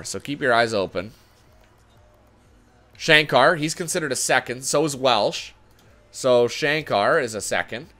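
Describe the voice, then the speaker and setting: A man's voice: medium pitch, bright, forceful tone. Chatty man thinking aloud over a game. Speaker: gaming YouTuber. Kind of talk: casual game commentary.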